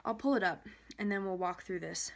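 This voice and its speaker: A woman's voice: fairly quick, vocal fry. A young adult woman, a life coach, explaining an idea casually in a rambling way, with many fillers and restarts. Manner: acts out an anxious inner voice, rising in pitch.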